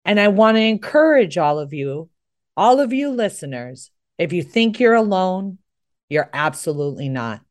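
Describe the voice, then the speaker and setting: A woman's voice: fairly low pitch, very animated, normal speed. A middle-aged American woman hosting a talk show, speaking earnestly and with emphasis. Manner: earnest, emphatic, rising with emotion. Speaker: host. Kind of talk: impassioned talk show monologue.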